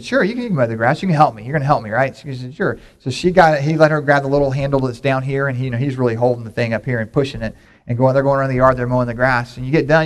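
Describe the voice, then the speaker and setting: A middle-aged man preaching a sermon, telling homey stories in a relaxed, conversational way. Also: medium pitch. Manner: conversational, folksy storytelling with props. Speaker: pastor.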